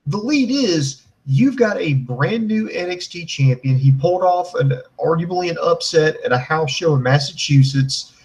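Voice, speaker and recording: Animated, rambling man in his forties. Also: fairly high pitch, normal speed, few pauses, low-quality recording. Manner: animated, profane, rambling, acts out mocking voices. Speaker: wrestling show co-host. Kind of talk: casual podcast chat.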